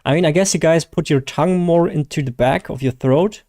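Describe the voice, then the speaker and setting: Mellow-voiced man with a German accent. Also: a little high, fairly quick, hardly any pauses. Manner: rambling, chatty, answers viewer chat. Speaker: gaming streamer. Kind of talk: casual live-stream chat.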